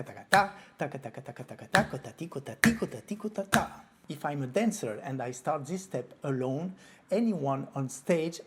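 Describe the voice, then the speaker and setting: Male flamenco teacher, husky voice, patient tutorial delivery. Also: medium pitch. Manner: explains calmly, breaks off to vocalize rhythm syllables. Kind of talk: tutorial explanation.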